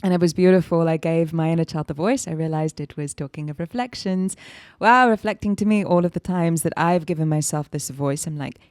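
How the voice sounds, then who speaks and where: A woman co-hosting a casual podcast, talking in a soft, reflective, heartfelt way. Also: low-pitched, brisk, no echo, studio quality. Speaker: podcast co-host.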